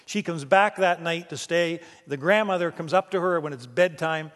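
Male pastor, storytelling sermon, slightly higher voice, reverberant church sound. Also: moderate pace, a bit bright. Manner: storytelling, with frequent restarts. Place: church sanctuary.

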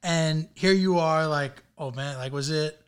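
A man's voice: on the high side, unhurried, clear, resonant tone. A man hosting a casual chat, asking questions with many fillers. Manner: asks questions with lots of "like" and trailing off.

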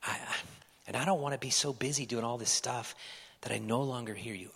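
A man's voice: mid-range voice, fairly quick, creaky, bright, forceful tone, husky. A man preaching a sermon as pastor, earnest and pleading with his congregation. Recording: long reverb of a large hall.

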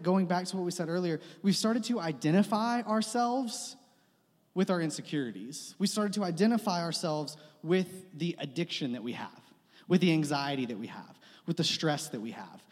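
High-voiced young pastor in a reverberant church. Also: male voice, normal speed, darkish tone. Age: young adult. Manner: conversational, self-deprecating humor, repeats phrases. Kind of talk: sermon. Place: church sanctuary. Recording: long reverb of a church hall.

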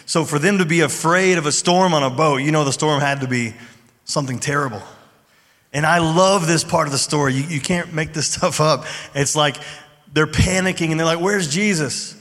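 A man's voice: fairly high pitch, moderate pace. A man preaching a sermon in a casual, conversational way, then leading a prayer. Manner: conversational, informal preaching with fillers. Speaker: pastor. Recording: hall reverb with music behind. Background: soft music.

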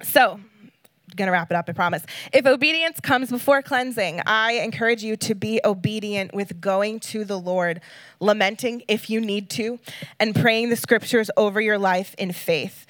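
A woman's voice: medium pitch, normal speed, a bit bright, no echo. A woman guest speaker giving an earnest, emotional sermon, reading scripture and talking casually with fillers.

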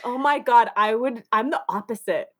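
A woman's voice: a little high, moderate pace, fairly bright tone, slightly rough. A young woman in casual podcast chat, blunt and profane, often laughing.

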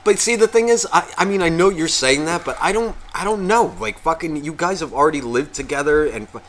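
Bright-voiced rambling man co-hosting. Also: a little high, animated, brisk, a little hiss or hum. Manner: rambling, heavy swearing, many fillers. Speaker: podcast co-host. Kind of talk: casual chat.

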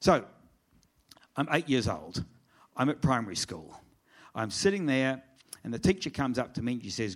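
A man's voice: mid-range voice, big pitch swings, moderate pace, long pauses. A middle-aged man, an author speaking to an audience in a lecture room, telling wry, self-deprecating stories with quoted dialogue. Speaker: author giving a talk. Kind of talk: storytelling presentation.

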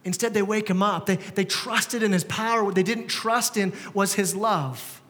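A man's voice: sits high, normal speed, a bit bright. A man in his thirties preaching a sermon in a church, conversational and full of rhetorical questions to the congregation. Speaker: pastor. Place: church sanctuary. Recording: long church hall reverb.

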